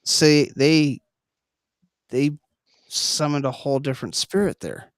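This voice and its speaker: Lively, laughing male podcast co-host. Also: a little high, slow pace, dry recording, clean studio sound. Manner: animated, laughs often, reads notes aloud. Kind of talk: casual chat over drinks.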